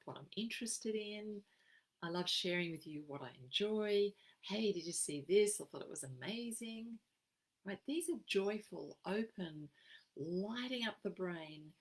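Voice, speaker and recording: An Australian woman giving an expressive, emphatic live-streamed wellbeing talk as a program facilitator. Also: lowish voice, poor audio. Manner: expressive, emphatic, acts out quoted phrases.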